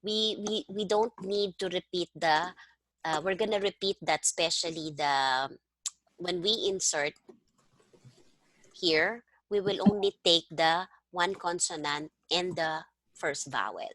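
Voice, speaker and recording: Woman tutor, patient step-by-step explainer, lowish voice, dry sound, video call. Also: measured pace, fairly bright tone, no echo. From Philippines. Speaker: language tutor. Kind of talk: one-on-one online lesson.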